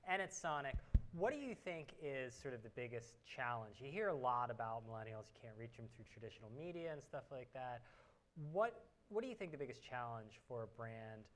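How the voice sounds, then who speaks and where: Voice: medium pitch, very animated, normal speed, slight background noise. A moderator leading a question-and-answer session at a conference, upbeat and joking. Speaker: panel moderator.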